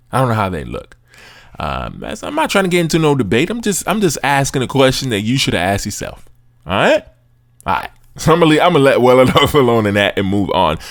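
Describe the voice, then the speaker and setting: This young adult man from the United States speaks on the low side as he hosts a sports podcast. His delivery is loose and lively, full of slang and frequent laughter, captured in studio quality with no echo.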